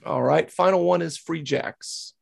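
An upbeat man hosting a fan podcast with a higher voice full of gravelly fry. He runs quick word games and reads sponsor plugs in a loose, casual way. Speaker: podcast host. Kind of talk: casual interview chat.

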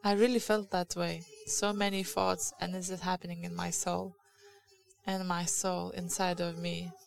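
A woman preaches in English with a Lithuanian accent. Her voice sits low and gravelly, with a fairly flat melody. She speaks candidly and confessionally, pausing and restarting as she goes. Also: rough recording. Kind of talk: sermon.

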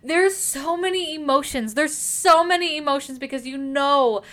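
A woman co-hosting a casual book discussion, animated and laughing often as she sums up scenes and reads passages aloud. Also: sits high, normal speed. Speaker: book podcast co-host.

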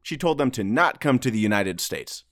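Deadpan sarcastic male podcast host. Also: mid-range voice, normal speed, no echo, studio quality. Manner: deadpan sarcastic, mock-serious. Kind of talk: sarcastic political comedy chat.

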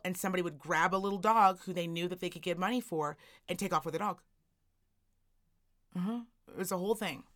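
A woman telling a story on a casual podcast. Her voice is fairly low for a woman, and it rises and falls as she acts out the people in her tale. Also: fairly bright tone. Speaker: podcast co-host.

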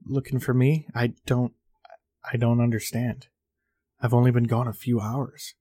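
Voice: medium pitch, level tone, unhurried, warm tone, breathy edge, no room sound, clean studio sound. A man reading the lines of a frightened young sibling lost on a strange bus, who stammers through confused questions.

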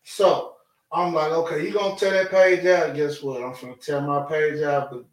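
A man's voice: fairly high pitch, fairly even intonation, moderate pace. A man co-hosting a live talk show, explaining his views on relationships in a blunt, rambling way. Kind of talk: casual chat about relationships. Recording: roomy sound, mic at a distance.

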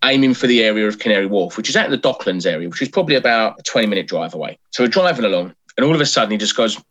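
A man spins a taxi story in a bright, forceful voice. He performs the lines of his passengers as he tells it, on a podcast recorded at home. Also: on the low side, very fast. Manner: lively storyteller acting out passengers. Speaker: comedian and taxi driver guest. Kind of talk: storytelling anecdote.

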